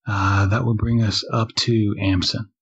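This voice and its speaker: A man narrating and refereeing as game master of a tabletop game, measured and full of fillers. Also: on the low side, little pitch movement, breathy edge. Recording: dull lo-fi recording.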